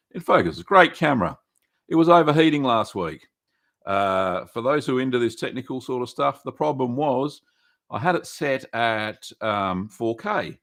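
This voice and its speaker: A man with an Australian accent hosts a relaxed livestream and reads out viewers' names one by one. He talks in a friendly, rambling way with plenty of fillers. His voice sits fairly low. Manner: chatty, greets viewers by name, many fillers. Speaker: livestream host. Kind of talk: casual livestream chat.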